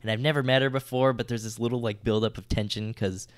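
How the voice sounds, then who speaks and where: A man's voice: mid-range voice, steady tone, fast talker, no echo. A young man co-hosting a podcast, telling a story in a loose, slangy, swear-filled way. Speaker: podcast co-host. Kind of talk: casual storytelling chat.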